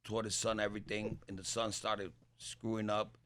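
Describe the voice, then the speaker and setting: A middle-aged man, a boxer's father and trainer, telling stories in an animated way and acting out the voices of the people in them. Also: lowish voice, moderate pace, slight background noise. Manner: lively, acts out what people said in raised voices. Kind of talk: animated storytelling in a chat.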